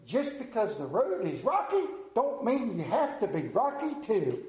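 A man's voice: high voice, huge pitch swings, a little slow, a little mellow, pitched above the performer's own voice, full character voice. A male pastor quoting an odd, wise frontier woman in a folksy drawl during a sermon, in an echoey church.

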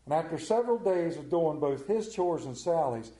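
A man preaching a sermon, telling stories in a folksy way and dropping to a hush for quoted lines. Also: a little high, expressive, moderate pace, echoey room. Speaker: pastor. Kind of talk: storytelling sermon.

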